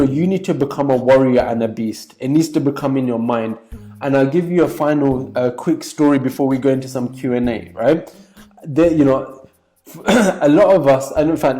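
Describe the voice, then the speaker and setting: A man's voice: medium pitch, dark tone. A man giving an emphatic motivational talk as a business coach, repeating points with many fillers.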